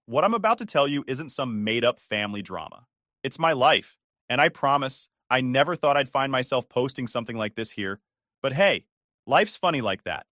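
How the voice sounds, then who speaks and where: Lively man narrating a story dryly. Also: medium pitch, moderate pace, no room sound, studio quality. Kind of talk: scripted first-person story narration.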